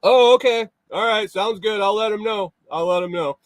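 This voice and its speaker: A man's voice: sits high, moderate pace, no room sound, voice pushed up, close to an everyday voice. A man voicing a friendly, laid-back younger man as he retells a chat with a neighbor.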